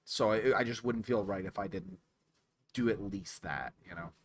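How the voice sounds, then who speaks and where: A man hosting a let's play in a casual game commentary style, chatty and quick to laugh. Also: fairly low pitch.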